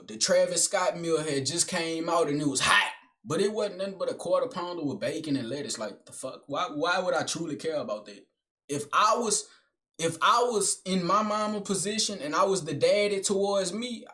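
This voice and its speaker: A man's voice: a little high, fairly bright tone. A young man telling a personal story in a casual, blunt, profane style full of slang, often calling the listener bro or gang.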